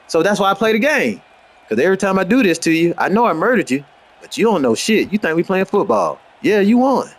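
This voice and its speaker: Brash trash-talking man, high voice that leaps around. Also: animated, fairly quick. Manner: brash, boastful, trash-talking, swings between mutters and high outbursts. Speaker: gamer streaming gameplay. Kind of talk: profane rambling commentary over gameplay.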